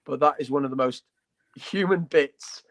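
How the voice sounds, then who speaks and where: A man's voice: a little high, moderate pace, fairly bright tone. A man co-hosting a casual hobby podcast, talking with enthusiasm, blunt jokes and playful asides. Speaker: podcast co-host.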